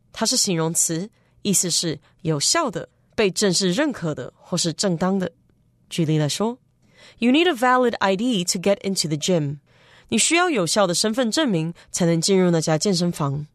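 A woman teacher explaining English vocabulary in Mandarin, reading example sentences in a measured way and spelling words out slowly. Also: on the low side, no room sound, studio quality. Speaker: language teacher.

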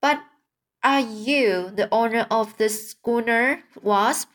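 A woman voicing a small, plucky male mouse sailor who speaks boldly and crisply in a storybook reading. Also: on the high side, slow, a bit bright. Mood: polite eager. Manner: bold, crisp and eager.

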